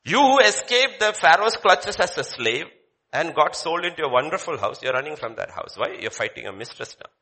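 A man preaching a sermon, his voice sitting a touch high and sounding bright and forceful. He is dramatic, swinging from loud declaiming to hushed, low lines, with a very lively rise and fall in pitch. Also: a little fast.

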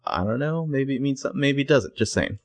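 A man's voice: medium pitch, animated, fast talker. A man co-hosting a podcast, narrating TV scenes in a dry, playful, detailed way. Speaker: podcast co-host. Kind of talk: casual recap chat.

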